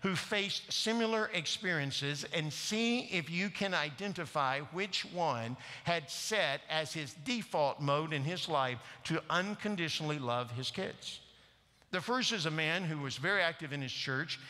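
A man's voice: fairly high pitch, expressive, unhurried, bright, forceful tone, long reverb tail. A man preaching a sermon in a church, earnestly and directly questioning the congregation. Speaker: guest preacher. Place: church sanctuary.

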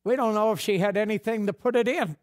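A man's voice: sits high, quick pace. A man preaching a sermon as pastor, folksy and conversational, acting out bits of dialogue. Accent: New England.

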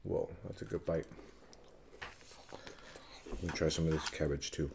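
Gentle, slow-talking dad eating on camera. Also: male voice, very deep voice, fairly even intonation, vocal fry, noisy background. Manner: gentle, patient, talking to a child between bites. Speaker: family vlog host. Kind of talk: casual family chat while eating.

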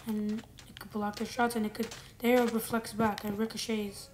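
A woman chats her way through a game session, thinking aloud and circling back on her own sentences. Her voice sits a little high but stays flat and level. Loud steady noise and mouse clicks run under the whole recording. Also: moderate pace. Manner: rambling, self-correcting, thinking aloud while playing. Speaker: gamer. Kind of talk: casual gameplay commentary.

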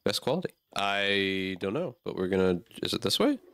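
Jumpy swearing gamer guy, lively pitch. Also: moderate pace. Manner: jumpy, swears a lot, reacts aloud. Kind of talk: horror game commentary.

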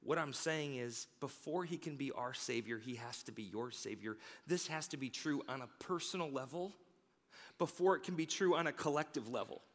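A man preaching a sermon in a church, energetic and conversational, stammering now and then. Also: mid-range voice, moderate pace, long reverb tail. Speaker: pastor. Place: large church sanctuary.

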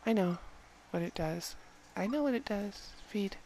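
A woman giving excited gameplay commentary at home at night, repeating phrases and often dropping to a hushed whisper so she won't wake others. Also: mid-range voice, unhurried, a little hiss or hum. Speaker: game vlogger.

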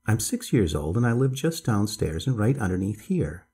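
A man's voice: on the low side, very animated, normal speed, warm tone, slightly rough, full character voice. A man voicing a blunt, proud and impatient six-year-old girl in a storybook reading.

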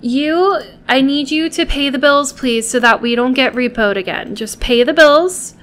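Brief: high-pitched woman, unhurried gameplay commentary, chatty and pleading with her game characters. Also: a bit bright. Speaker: gameplay video host.

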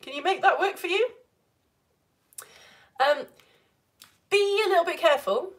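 A woman from the United Kingdom teaching a live online lesson, chatty and laughing often, reading verse slowly. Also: very high voice.

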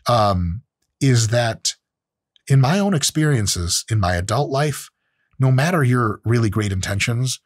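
Husky, animated man in his late thirties. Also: mid-range voice, measured pace, no room sound, studio quality. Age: late 30s. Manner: blunt and profane, with acted-out quotes. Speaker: host. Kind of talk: casual solo monologue.

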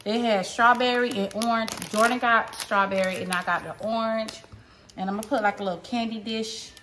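A woman's voice: a little high, steady tone, brisk, background noise. A woman vlogger showing off a shopping haul in a casual, chatty way, talking straight to her viewers at home. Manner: chatty, talks straight to viewers with lots of "y'all". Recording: roomy echo.

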